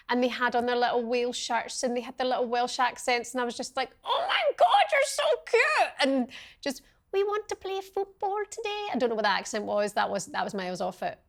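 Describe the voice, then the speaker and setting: A woman hosting a casual football chat, lively and expressive. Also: a little high. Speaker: podcast host.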